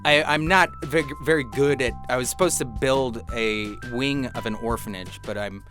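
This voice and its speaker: A man co-hosting a podcast, telling a story about himself in a halting, self-deprecating way. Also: mid-range voice, over music. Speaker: podcast co-host. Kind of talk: casual storytelling.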